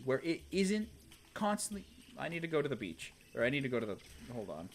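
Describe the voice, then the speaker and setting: A young man commentating a video game stream, exasperated and talking to himself, swinging from low muttering to loud outbursts. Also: sing-song, moderate pace, gravelly, slight background noise. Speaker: gaming streamer. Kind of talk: let's play commentary.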